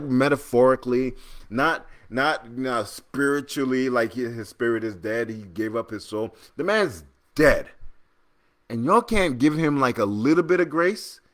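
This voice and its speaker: A man hosting a podcast, giving casual political commentary in an animated, exasperated way, with frequent restarts. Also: medium pitch. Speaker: podcast host.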